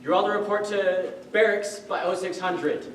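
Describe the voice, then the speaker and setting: A man's voice: high-pitched, normal speed, slight background noise, close to an everyday voice. A young man on a school stage playing a smug, scheming army officer who gives orders in a commanding, sarcastic way. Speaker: stage actor. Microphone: far room microphone. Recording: echoey stage recording from far off.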